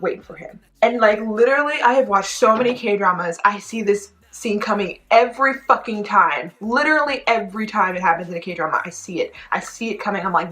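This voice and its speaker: Bright, excitable woman shrieking and swearing. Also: medium pitch, fast talker, hardly any pauses, faint music behind, low-quality recording. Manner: rambling, filler-heavy storytelling. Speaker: YouTube reaction vlogger. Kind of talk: reaction commentary.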